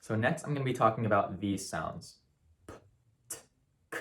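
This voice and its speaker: A young man giving a casual, friendly spoken lesson, encouraging and modeling sounds slowly. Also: lowish voice, animated, a little hiss or hum. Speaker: language teacher.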